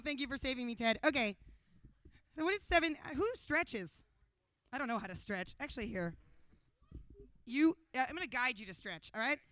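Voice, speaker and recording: A woman's voice: fairly high pitch, bright, forceful tone, smooth, no room sound. A young woman emceeing a live benefit show on a small stage, rambling with self-deprecating jokes into a handheld mic. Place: small stage at a brewery event. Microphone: handheld microphone.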